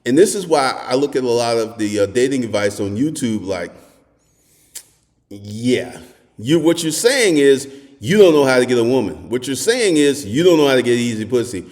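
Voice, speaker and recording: A man gives dating advice in a blunt, profane monologue. His voice swings widely in pitch as he spins stories and sometimes bursts into shouting. The sound carries a long reverberant tail from the room. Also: moderate pace. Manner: crude, animated storytelling, swings to shouting.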